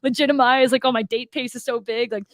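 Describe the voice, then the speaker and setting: A young woman from Arizona telling her business story in an enthusiastic, animated way, acting out the dialogue and saying "like" a lot. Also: on the high side, quick pace, no echo. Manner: enthusiastic, acts out dialogue, fillers like "like" and "oh my God". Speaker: guest, food business owner.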